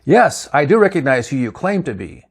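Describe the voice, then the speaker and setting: Spock, a man reading as a calm logician. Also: on the high side, moderate pace, breathy edge. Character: calm logical male science officer, cautious.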